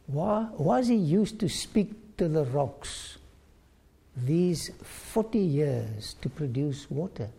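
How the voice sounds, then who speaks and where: A preacher retells a Bible story in a sermon, slowly putting questions straight to the listeners. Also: mid-range voice, vocal fry, mellow, slightly rough. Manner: slow, questioning listeners directly.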